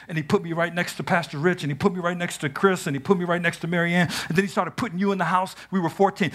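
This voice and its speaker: A man preaching a sermon in a church, animated, acting out scenes and shouting at the peaks. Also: high-pitched, very fast, hardly any pauses. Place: church sanctuary.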